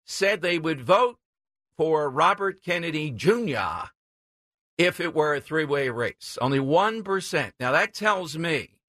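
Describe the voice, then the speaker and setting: Brash bright-voiced radio host. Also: male voice, on the high side, lively intonation, measured pace, dry recording, studio quality. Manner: brash, chuckling asides. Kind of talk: opinionated political talk radio.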